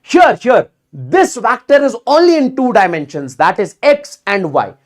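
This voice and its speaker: Animated male physics teacher. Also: very high-pitched, measured pace. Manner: animated, repeats words in bursts, checks in with students often. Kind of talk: live online exam-prep lecture.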